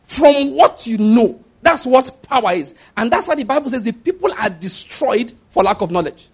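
Emphatic high-voiced preacher. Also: male voice, very animated, brisk, slightly rough. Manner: emphatic, repeats points and checks the audience follows. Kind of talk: sermon.

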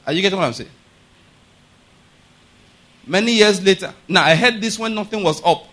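A middle-aged pastor preaching with a high, bright voice. He talks in an emphatic way, often stopping to ask the congregation if they follow him. He repeats his points firmly. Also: normal speed. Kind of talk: sermon.

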